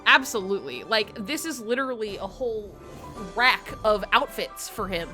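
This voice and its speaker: A woman streamer chatting casually and excitably, swearing and laughing often. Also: mid-range voice, moderate pace, faint music behind. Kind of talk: casual chat.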